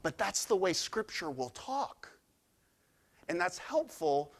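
A middle-aged man preaching a sermon as pastor, in a conversational, animated way with asides and restarts. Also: high-pitched, slow pace.

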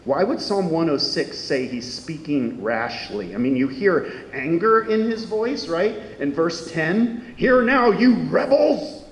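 A man preaching a sermon in a lively, conversational way, full of questions to his listeners. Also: slow, few pauses. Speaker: pastor. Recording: echoey hall with faint rumble.

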